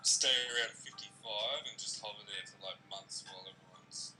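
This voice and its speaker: A man's voice: fairly low pitch, moderate pace, pushed and bright, soft background music, low-quality recording. A man with an Australian accent, chatting casually on a livestream, rambling and laughing often. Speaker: co-host.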